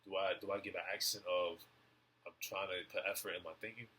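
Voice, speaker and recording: A young man in a rambling stream-of-consciousness monologue, halting and repeating words as he muses over word definitions. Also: deep voice, steady tone, bright, forceful tone, husky. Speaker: vlogger.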